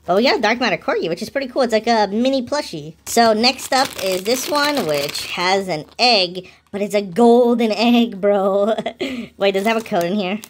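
A woman hosting a casual unboxing video, chatty, excitable and slangy, with gasps and giggles. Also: medium pitch, normal speed, slight background noise. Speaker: channel host.

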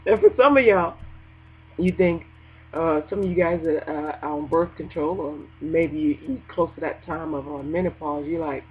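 A woman hosting a casual gospel internet radio show, animated and joking, laughing often between lines. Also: lowish voice, slightly rough. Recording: dull lo-fi home recording with faint noise.

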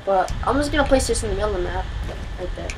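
A woman giving live commentary on a shooter game, excitable and quick to shriek and wail when scared. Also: mid-range voice, noisy background. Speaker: gameplay commentator.

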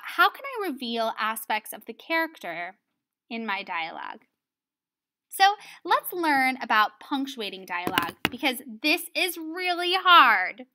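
Bright-voiced woman teaching writing. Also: sits high. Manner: explanatory, frequently checks in with "right?". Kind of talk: recorded lesson video.

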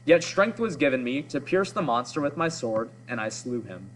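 A man's voice: mid-range voice, animated, normal speed, a little hiss or hum, lightly acted, rough recording. A man reading the lines of a proud, boastful male hero in solemn, old-fashioned speech. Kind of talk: read-aloud of a story.

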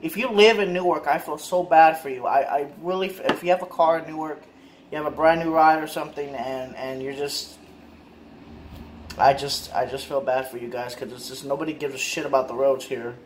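A man's voice: on the high side, steady tone, normal speed, echoey room, a little hiss or hum. A man ranting in a casual vlog, frustrated and repetitive, swearing often. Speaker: car owner vlogger.

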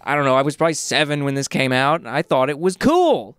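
A man in his thirties with a smooth, resonant voice, co-hosting a casual movie podcast. He makes dry, sardonic remarks, and his delivery rises and falls freely. The recording is close and dry. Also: on the high side, big pitch swings, fast talker, a bit bright, dry recording. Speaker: podcast co-host.

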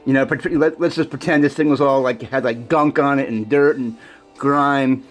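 A man rambles to his camera in a casual vlog, stumbling over his words and repeating himself as he goes. His voice sits at an ordinary middle pitch, with faint music playing behind him. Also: fairly even intonation. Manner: halting, repeats words, many fillers. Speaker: vlogger.

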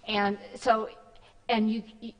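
A woman's voice: a little high, little pitch movement, slow, in a large hall, low-quality recording. A woman giving a casual, rambling talk to a church group, with many fillers and restarts. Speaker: guest speaker. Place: church hall.

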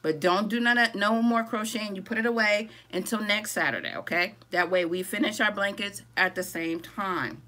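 Chatty lady running a live crochet class, bright voice, calls everyone y'all. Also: mid-range voice, normal speed, few pauses. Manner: chatty, greets viewers and reads out comments; casual and relaxed, calls viewers "y'all". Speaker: crochet-along host. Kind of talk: live-stream craft tutorial.

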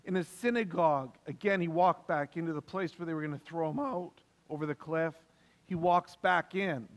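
A man's voice: fairly high pitch, moderate pace. A man preaching a sermon as pastor, emphatic and repeating key phrases for stress. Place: church hall. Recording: long reverb of a church hall.

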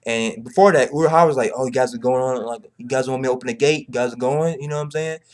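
A man chatting casually in a rambling, profane way, repeating filler phrases and jumping up in pitch when exasperated. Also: fast. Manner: rambling, profane, repeats phrases like "bro" and "you know what I'm saying"; animated, pitch jumps high when exasperated. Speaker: manga commentator. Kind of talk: casual chat.

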